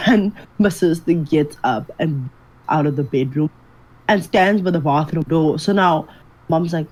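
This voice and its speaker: A woman co-hosting a comedy podcast, telling stories in an animated way with frequent laughter. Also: deep voice, measured pace, poor audio. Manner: animated storyteller, laughs often. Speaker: podcast co-host. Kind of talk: casual comedic chat.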